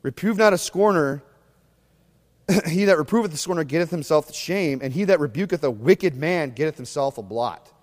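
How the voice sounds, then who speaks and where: A fiery male preacher with a slightly high voice, swinging from thunderous bursts to hushed, mocking asides. His sermon rings out with the long reverb of a church hall. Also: lively intonation, moderate pace. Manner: fiery, mocking preacher who shifts between loud and hushed. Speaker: pastor.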